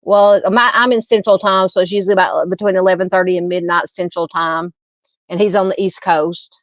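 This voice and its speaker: This true crime channel host, a woman in her fifties with a Southern US accent, has a lowish voice with fairly even intonation and talks a little fast. She reads comments on her live stream in a relaxed, chatty way, often filling and restarting. The audio has no room sound and the highs are cut off.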